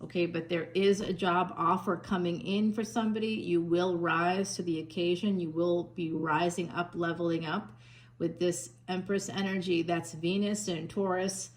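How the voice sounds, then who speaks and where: A woman psychic with a fairly low voice and fairly even intonation reads tarot at a moderate pace, chatty and affectionate, full of fillers and restarts. Her Northern US accent veers Southern, and the audio is poor.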